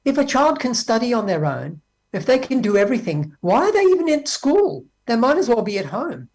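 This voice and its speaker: Lively Australian man giving a keynote. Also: extremely high pitch, a little fast. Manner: lively, acts out dialogues with teachers. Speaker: keynote speaker on education. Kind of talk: conference keynote. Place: speaking remotely from Australia.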